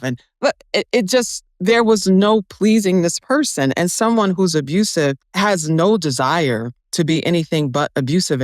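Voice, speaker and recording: A woman's voice: deep voice, no room sound, clean studio sound. A woman in a candid podcast conversation, talking emphatically and explaining hard lessons in broad terms.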